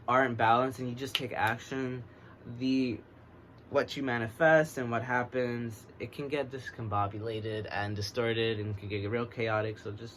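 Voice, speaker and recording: An American man reading oracle cards in a relaxed, rambling way, speaking in a put-on English accent that he uses to get through a stutter. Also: mid-range voice, a little hiss or hum. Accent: American trying an English accent. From United States. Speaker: oracle card reader. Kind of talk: casual divination reading.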